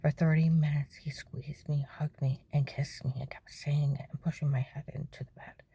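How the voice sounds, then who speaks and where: A woman's voice: sits low, little pitch movement, moderate pace, vocal fry, mellow, husky. A middle-aged woman telling her own story in a testimony monologue, keeps asking "okay?" and often drops into a whisper.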